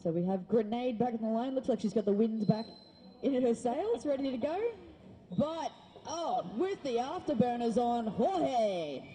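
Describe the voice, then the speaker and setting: A woman's voice: fairly high pitch, moderate pace, dark tone, slight background noise, poor audio. A woman giving jokey, punning live play-by-play of a roller derby bout. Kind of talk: live sports commentary.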